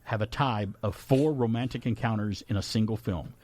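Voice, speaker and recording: A man hosting a radio show, chatting casually through trivia numbers in an animated way and laughing often. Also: lowish voice, moderate pace. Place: radio studio. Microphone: studio microphone.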